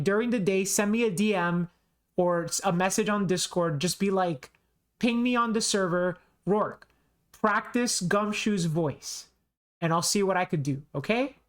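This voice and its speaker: A woman streamer chatting casually during a game playthrough, talking in a self-deprecating way and restarting her sentences often. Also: medium pitch. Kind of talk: casual live game commentary.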